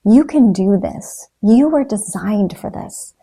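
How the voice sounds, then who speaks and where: A woman's voice: mid-range voice, expressive, takes it slowly, creaky, dark tone, slightly rough. A woman talking in a motivational vlog, earnest and encouraging as she addresses her viewers. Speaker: raw food vlogger.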